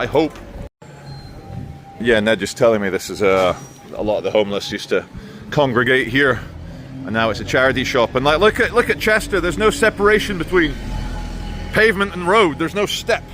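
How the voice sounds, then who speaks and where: A man's voice: fairly high pitch, a bit bright, slight background noise. A man hosting a walking tour of a city, outdoors, with sarcastic, crude jokes. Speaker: vlogger host. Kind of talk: casual walking tour commentary.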